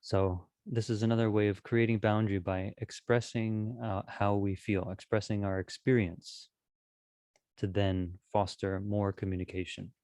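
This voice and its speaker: A man teaching a Buddhist talk on communication, calm and gentle, with frequent restarts. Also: fairly low pitch, normal speed, no echo, studio quality. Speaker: dharma teacher.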